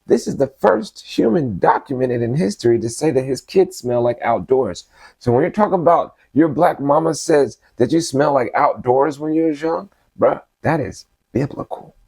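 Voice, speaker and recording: A man's voice: mid-range voice, lively intonation, moderate pace, vocal fry, darkish tone, slightly rough, no room sound. A man giving casual, slangy Bible study commentary, reading passages aloud and then riffing on them conversationally.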